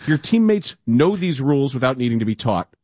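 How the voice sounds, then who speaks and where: A man co-hosting a casual sports talk show, reading a column aloud with playful, animated emphasis. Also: mid-range voice, fairly quick, dry recording. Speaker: radio co-host.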